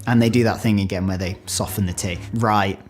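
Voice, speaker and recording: British male, UK-raised, casual vlog delivery, self-deprecating and lively, faint music bed. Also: fairly low pitch, fairly quick. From United Kingdom. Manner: chatty, self-mocking, animated storytelling. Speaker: video creator. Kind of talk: casual talking-head video.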